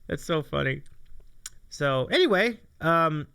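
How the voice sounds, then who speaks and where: A man's voice: on the high side, expressive, slow pace, vocal fry, pushed and bright, smooth, no room sound, studio quality. A man hosting a casual live stream, chatty and laughing often. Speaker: host.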